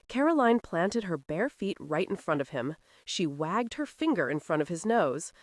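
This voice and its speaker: A woman narrating a romance audiobook in an expressive storytelling way. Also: on the low side, normal speed, hardly any pauses, no room sound, clean studio sound. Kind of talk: scripted narration.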